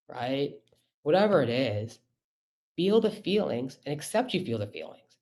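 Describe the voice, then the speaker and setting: A man's voice: a little high, big pitch swings, measured pace, pauses often, darkish tone. Emphatic man giving a casual webinar talk. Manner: conversational, emphatic, repeating rhetorical questions.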